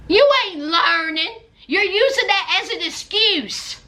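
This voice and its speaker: A woman's voice: very high voice, takes it slowly, sharp tone. A woman giving sassy, dramatic, scolding commentary on a reality show in a vlog.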